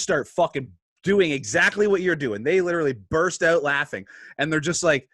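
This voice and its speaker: A man's voice: on the high side, normal speed, dry recording, studio quality. A man telling a story on a casual podcast, swearing freely and acting out the quotes of the people in it. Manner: animated, swearing, acts out quotes. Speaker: podcast guest.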